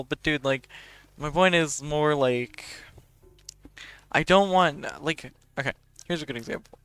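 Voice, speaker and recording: A man's voice: a little high, a little slow, fairly bright tone, smooth, dry recording, faint music behind. A young man, talking in a casual, rambling and profane way as a podcast host.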